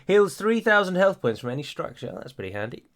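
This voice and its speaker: A man's voice: high voice, very animated, brisk, fairly bright tone. A man with an English accent giving casual let's-play commentary on a strategy game, chatty and prone to rambling asides. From England. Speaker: gaming YouTuber.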